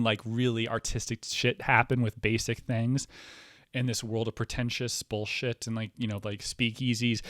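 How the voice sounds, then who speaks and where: A man hosting a casual podcast, rambling excitably with lots of fillers, restarts and swearing. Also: mid-range voice, no room sound, clean studio sound. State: hyper, excitable. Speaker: podcast host.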